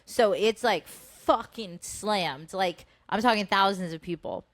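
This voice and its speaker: Animated, foul-mouthed woman telling stories. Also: mid-range voice, measured pace, no room sound. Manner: animated, heavy swearing, acts out quoted voices. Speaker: podcast co-host. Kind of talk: casual storytelling chat.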